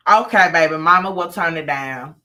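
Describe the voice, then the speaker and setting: A woman hosts a casual live chat from her home, speaking in a low, bright and forceful voice. She talks easily, with plenty of ums and short pauses.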